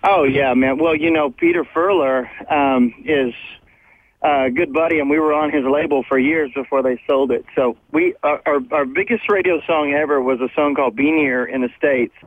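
Excited man on a tinny phone line. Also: a little high, normal speed, no room sound. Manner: enthusiastic, chatty, laughs easily. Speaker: touring musician, phone-in guest. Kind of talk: casual phone interview. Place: backstage at a concert venue, walking around.

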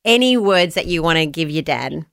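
Woman, radio host, bubbly, lively intonation, dry close sound. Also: deep voice, moderate pace, creaky, no room sound. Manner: bubbly, effusive. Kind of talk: casual radio chat.

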